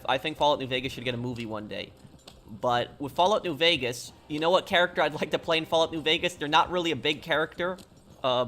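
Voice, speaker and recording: A man's voice: mid-range voice, sharp tone, slight background noise. A man streaming a video game, chatting casually and rambling through answers to viewers' questions. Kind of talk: casual live-stream chat while gaming.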